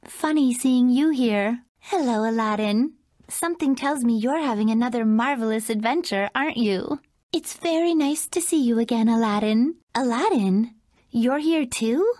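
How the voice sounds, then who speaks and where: A woman's voice: a little high, normal speed, a little mellow, dry recording, natural voice. A woman voicing a spirited young princess in a video game, polite, sweet and lightly teasing, recorded in a dry studio. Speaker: game character voice. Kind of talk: game voice clips.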